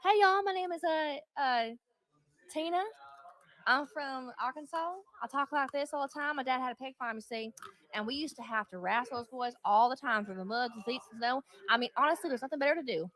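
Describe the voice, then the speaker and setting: A woman's voice: high-pitched, a little fast, a bit bright. Woman putting on a folksy Southern farm girl. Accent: Southern US (put on).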